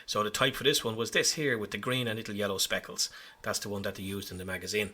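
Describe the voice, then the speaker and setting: Bright, husky-voiced man narrating his hobby. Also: on the low side, fairly even intonation, quick pace. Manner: chatty, self-mocking, rambling. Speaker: hobby vlogger. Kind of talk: casual voice-over narration.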